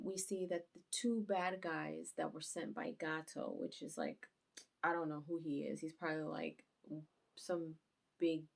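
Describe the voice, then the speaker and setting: A woman reviewing an anime episode on her channel, retelling the scenes in a casual, rambling, animated way. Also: sits low, gravelly.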